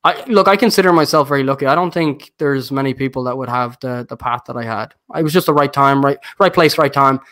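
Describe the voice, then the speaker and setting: A man with a medium-pitched voice talks fast, barely pausing, in a pushed, bright tone. He's a guest investor on a podcast, chatting casually and rambling with plenty of fillers and restarts, and viewers notice his non-standard accent.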